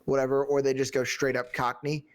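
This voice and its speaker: A man's voice: medium pitch, little pitch movement, a little fast. A man co-hosting a casual film review podcast, talking loosely, swearing freely and slipping into mock accents. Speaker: podcast co-host.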